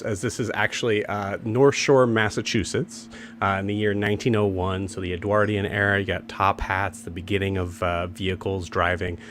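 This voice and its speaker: This game master and show host has a voice on the low side with a slightly bright quality, plus slight background noise. He rambles casually through campaign announcements on his game stream, full of fillers and restarts.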